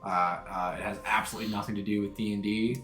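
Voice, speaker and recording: A man's voice: on the low side, flat delivery, quick pace, echoey room, music in the background. A man running a tabletop game who chats casually and explains the rules patiently. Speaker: game master.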